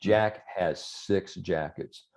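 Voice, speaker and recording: Guy with a low mellow voice, sports psych guest, chatty storyteller who chuckles a lot. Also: takes it slowly. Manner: animated storyteller, chuckles through anecdotes. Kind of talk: conversational interview storytelling.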